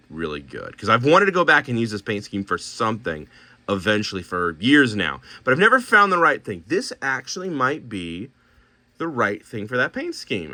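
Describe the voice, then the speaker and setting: Man, hobby painter, bright tense voice, dry close sound, casual musing, restarts. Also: medium pitch, no room sound. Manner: musing, talks himself through choices, restarts. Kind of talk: casual thinking aloud while showing paints.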